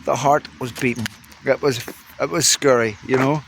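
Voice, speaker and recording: A man's voice: medium pitch, steady tone, normal speed, a bit bright, a little hiss or hum. A man telling a rambling, swearing story to his viewers and laughing along as he goes. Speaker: vlogger. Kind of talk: casual storytelling to camera.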